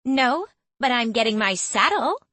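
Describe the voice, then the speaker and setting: A woman doing a bubbly, high young student. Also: sing-song, unhurried, bright, forceful tone, no room sound, exaggerated voice. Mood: excited. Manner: eager, gushing. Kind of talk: audiobook character voice.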